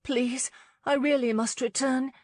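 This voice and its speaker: A woman's voice: sits high, fairly even intonation, unhurried, no echo, studio quality, pitched above the performer's own voice. A woman voicing an anguished young woman torn by guilt, pleading in a raised, breathless voice.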